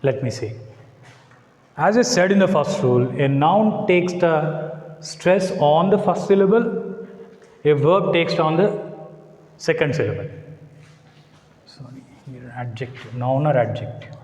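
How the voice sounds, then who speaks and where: A male teacher with an Indian English accent gives a classroom lecture at an unhurried pace, saying each example word twice. His voice rings through a roomy hall with a long echo and sometimes drifts away from the mic. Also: a little high, lively intonation, a little mellow. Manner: slow and deliberate, repeats words to model stress.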